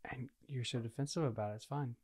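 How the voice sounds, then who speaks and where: Hombre bromista en charla relajada. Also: male voice, mid-range voice, quick pace, husky. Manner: joking, relaxed banter. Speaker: podcast co-host. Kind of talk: casual chat.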